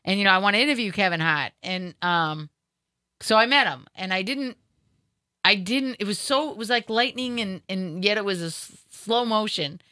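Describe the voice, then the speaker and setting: A woman's voice: mid-range voice, normal speed, pushed and bright, no room sound. A woman with a Boston accent, a radio host, chatting effusively and stammering over repeated words. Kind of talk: casual chat.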